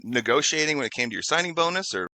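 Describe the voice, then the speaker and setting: A man's voice: on the high side, expressive, quick pace, sharp tone, rough recording. A man hosting a casual interview, asking questions with stammering restarts and giving short encouraging replies. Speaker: podcast host, interviewer.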